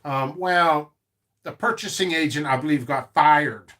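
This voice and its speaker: On a relaxed live stream about his seed business, a man speaks in an unhurried, slightly high voice. His talk is rambling and animated, full of restarts and side comments.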